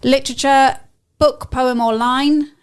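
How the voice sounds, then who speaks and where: Chatty English woman, smooth higher voice. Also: steady tone, unhurried. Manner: chatty, enthusiastic, trails off into fillers. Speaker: podcast co-host. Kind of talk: casual chat.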